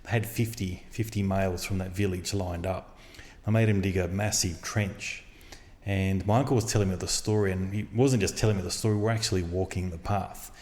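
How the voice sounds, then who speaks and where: A man hosting a podcast, telling a story in a casual, animated way and acting out the dialogue. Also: deep voice, a little fast. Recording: long reverb.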